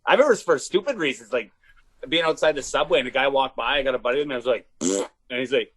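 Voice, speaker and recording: A young adult man from Canada, a comedian guest telling animated, profane stories in a casual chat and acting out the quotes. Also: mid-range voice, racing, slightly rough. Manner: animated, swearing, acts out quotes. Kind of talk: casual storytelling.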